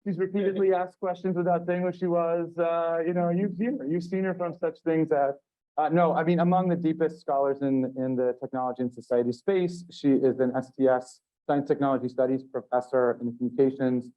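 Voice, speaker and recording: A man hosts a conference session, introducing the panelists in a rambling, halting way with plenty of fillers. The recording is a little dull and muffled, as if captured in a lecture hall. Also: a little high, fairly even intonation.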